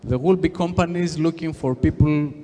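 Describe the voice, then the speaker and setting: A man's voice: a little high, normal speed, dark tone. A man with a Greek accent giving a tech conference talk, with many "you know" fillers and restarts. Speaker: conference speaker. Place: conference hall. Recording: long hall reverb.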